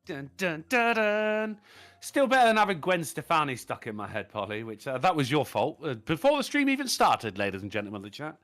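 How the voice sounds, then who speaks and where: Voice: medium pitch, wildly swooping pitch, fast, few pauses, a bit bright, soft background music. A podcast co-host joking in a wry, teasing, playful way. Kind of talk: casual chat on a livestream podcast.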